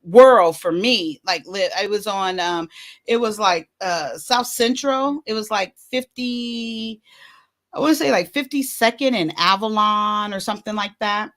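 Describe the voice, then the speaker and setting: A woman hosting a vlog, telling a personal story in a candid, halting way with many fillers. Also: medium pitch, fairly bright tone. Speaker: vlog host.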